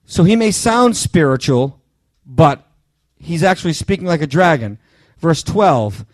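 A preacher with a fairly high voice delivers an animated sermon, pushing his key phrases with sudden loud bursts and speaking directly to his listeners. He stumbles and restarts phrases along the way. The sound is dry and close, with no room sound at all.

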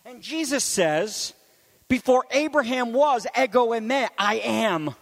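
A man preaching a sermon to his congregation, animated and building to shouts on key phrases, with chatty asides to the listeners. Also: extremely high pitch, takes it slowly, gravelly, long reverb tail. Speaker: pastor.

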